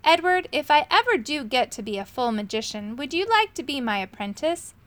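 A woman's voice: high-pitched, very animated, a little fast, a bit bright. A woman voicing a kindly male would-be magician in a storybook reading, earnest and firm.

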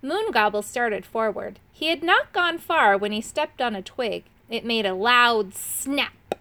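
A woman reading a children's chapter book aloud with expressive, dramatic delivery. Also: a little high, measured pace. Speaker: narrator.

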